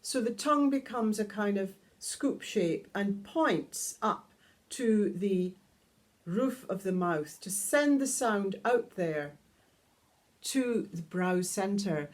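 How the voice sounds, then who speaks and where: A woman teaching a guided vocal toning lesson, calmly explaining each step and singing long vowel tones. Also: mid-range voice, takes it slowly. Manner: calm, instructive, demonstrates sustained vowel tones. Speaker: sound healing teacher.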